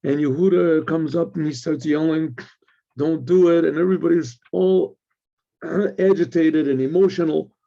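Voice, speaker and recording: A man giving an informal Torah lesson, retelling the story with lively quoted lines and clearing his throat often. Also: fairly high pitch, normal speed. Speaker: rabbi teaching Torah. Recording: dull lo-fi recording.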